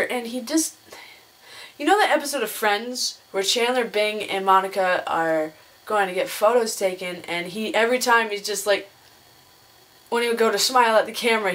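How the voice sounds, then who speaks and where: A young woman talking casually into her camera, her voice sitting a little high. She is chatty and laughs often, slipping into higher voices to mimic people in her stories. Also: a bit bright. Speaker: vlogger. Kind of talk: casual chat.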